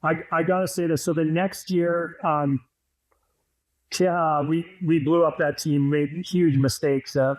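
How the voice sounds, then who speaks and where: A man's voice: a little high, steady tone, unhurried, a little mellow, poor audio. Man telling rambling hockey stories. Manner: rambling storyteller, laughs while telling. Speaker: podcast guest, former hockey player. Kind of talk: casual storytelling chat.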